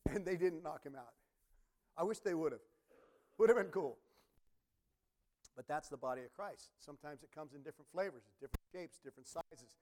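A middle-aged man preaching a sermon as pastor, telling stories with bursts of shouting and imitated instrument sounds. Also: on the high side. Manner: animated storytelling, sudden shouts and imitated organ sounds.

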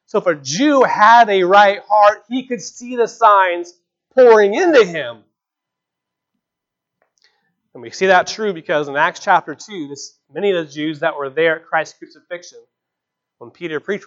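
A man's voice: high voice, lively intonation, normal speed, a bit bright. A man preaching a sermon in an earnest, conversational way, with frequent rhetorical questions, in a dull lo-fi recording.

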